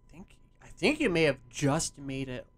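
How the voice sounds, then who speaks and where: A man's voice: a little high, big pitch swings, normal speed, dry recording. A man running a tabletop game as game master, narrating and ruling with many hesitant fillers.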